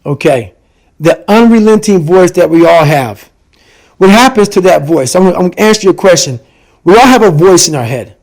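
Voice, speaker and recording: A middle-aged man giving an intense motivational talk as a podcast guest, forceful and repetitive in his emphasis. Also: high-pitched, animated, moderate pace.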